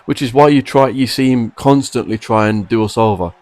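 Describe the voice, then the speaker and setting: A man in an exasperated opinion rant, hammering his points with repetition and disbelief. His voice sits at an ordinary middle pitch. The recording is close and dry, with no room sound. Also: fairly quick, darkish tone, no echo. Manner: frustrated, exasperated, emphatic. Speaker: wrestling commentary vlogger.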